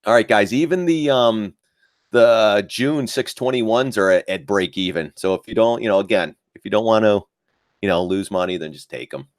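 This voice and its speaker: A man's voice: fairly low pitch, normal speed. A man hosting a live trading stream, chatting casually about charts, laughing often and mimicking panicked traders. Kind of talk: casual live market commentary.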